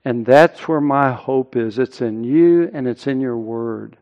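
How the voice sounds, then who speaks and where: A middle-aged male pastor preaching a sermon, earnest, rising loud and high when he quotes scripture. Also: unhurried, muffled recording.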